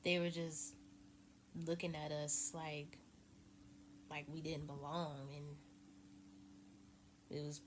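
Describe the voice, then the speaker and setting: A woman telling a story in a casual vlog, speaking softly and hesitantly as she holds back emotion, recorded at home. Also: deep voice, little pitch movement, slow pace, pauses often, noisy background. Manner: soft-spoken and hesitant, holding back emotion. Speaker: vlogger.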